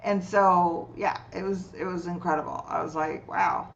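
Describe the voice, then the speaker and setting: Animated woman coach telling stories. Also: on the low side, moderate pace, dull audio, a little hiss or hum. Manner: lively, acts out quoted voices while telling client stories. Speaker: energy healer and relationship coach, guest. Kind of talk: conversational storytelling.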